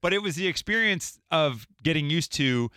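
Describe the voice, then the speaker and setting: Radio host guy chatting on an after show podcast, bright lively voice, dry close studio sound. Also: a little high, moderate pace, clean tone, no room sound. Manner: chatty, laughs often. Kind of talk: casual chat.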